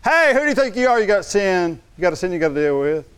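A preacher putting on the devil, a shrill taunting accuser. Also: male voice, sing-song, fast talker, fairly bright tone, smooth. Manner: shrill, heckling interruptions.

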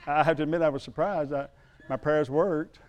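A middle-aged man preaching a sermon, telling a personal story in a folksy way that swings from loud to hushed. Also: fairly high pitch, steady tone, fairly quick, muffled recording. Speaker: pastor.

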